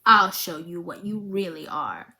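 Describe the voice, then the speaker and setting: A woman voicing a cold, scheming male villain, slow and low. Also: animated, sharp tone, heavily acted.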